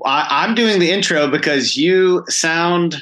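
Male pastor, casual podcast co-host, bright tone, jokey. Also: a little high, measured pace, low-quality recording. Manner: joking, self-deprecating. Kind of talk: casual chat.

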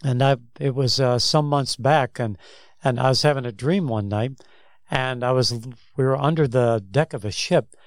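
A man's voice: medium pitch, normal speed, no room sound, clean studio sound. A man co-hosting a Christian talk show, telling stories in a rambling way that restarts and repeats words. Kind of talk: casual faith discussion, storytelling.

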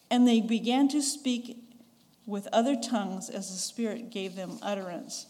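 A warm, medium-pitched woman's voice at a moderate pace belongs to a pastor from the western United States with a Western American accent. She preaches conversationally, chuckling and performing quoted voices, with long church reverb filling the sanctuary.

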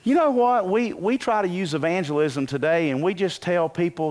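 High-voiced pastor preaching. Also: male voice, normal speed. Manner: swings from quiet asides to loud preaching bursts; tells folksy humorous stories. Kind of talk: sermon.

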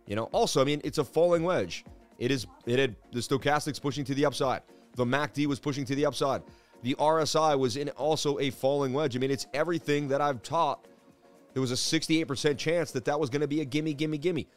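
A man with a mid-range voice speaks briskly over faint music, hosting a live crypto market stream. Hyped and preachy, he walks through the charts in a live market analysis chat, often calling people "baby."

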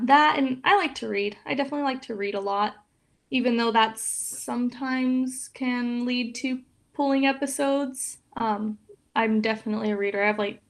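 Young woman guest, kinda high voice, soft and open, lots of ums. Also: a little slow, vocal fry. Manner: soft, open, emotional, with many fillers. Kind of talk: casual interview chat.

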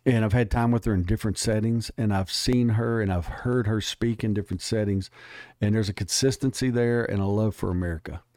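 A man's voice: lowish voice, steady tone, a little fast, darkish tone, dry recording, studio quality. A man speaking as an interview guest, emphatic and plainspoken, telling stories in casual talk.

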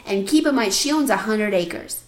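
A woman's voice: medium pitch, normal speed. Chatty woman in an echoey room. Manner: animated storyteller, acts out quoted people loudly. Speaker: podcast co-host. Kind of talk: casual chat, storytelling.

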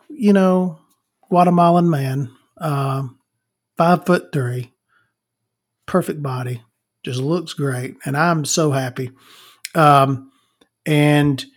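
A man hosting a podcast, telling crude stories in a rambling casual monologue and calling himself Victoria. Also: a little high. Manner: frequent fillers and self-restarts. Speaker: podcast host.

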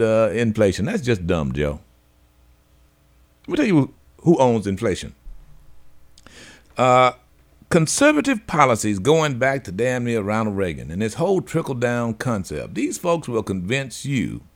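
A male radio host in the middle of an opinionated monologue, his pitch swinging up and down with lively energy. He talks in a folksy, preachy way and drops little laughs between his points. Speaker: radio talk show host.

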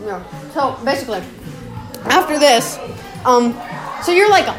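Young woman, high voice, rambly casual chatter full of laughs and cursing; roomy echo, clear music underneath. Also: sing-song, unhurried, long pauses. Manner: rambling, laughing, swearing, slangy. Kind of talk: casual recorded chat about game lore.

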